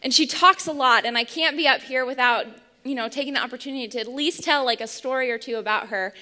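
High, bright young woman preaching. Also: fast talker. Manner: earnest, storytelling with restarts. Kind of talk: sermon with opening prayer. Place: church sanctuary. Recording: long hall reverb.

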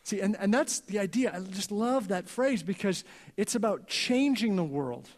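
Higher-voiced male pastor in a ringing hall. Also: animated. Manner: earnest, dropping soft and slow on key lines. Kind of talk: sermon. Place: church sanctuary. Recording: long reverb of a church hall.

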